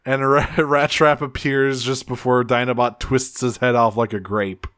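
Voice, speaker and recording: Male podcast host, casual chat, rambling recap, medium pitch, dry close sound. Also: fairly even intonation, moderate pace, fairly bright tone, no echo. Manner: rambling recap with frequent restarts.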